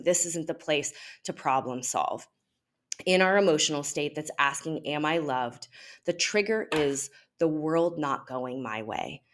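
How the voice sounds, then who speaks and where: A woman teaching parents in a relaxed, conversational way, often pausing with "um" and checking in with "right?". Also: low voice. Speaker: parenting educator. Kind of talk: explanatory talk to parents.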